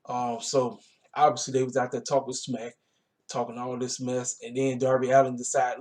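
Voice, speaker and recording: A man's voice: medium pitch, little pitch movement, normal speed, darkish tone. A man giving a casual, rambling recap of a wrestling show, talking. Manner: laid-back, colloquial, rambling with fillers.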